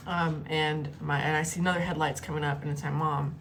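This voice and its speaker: Woman telling a story, animated and profane. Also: deep voice, brisk, few pauses, slight background noise. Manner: animated, profane, acts out the quotes. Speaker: vlogger. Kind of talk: casual storytelling.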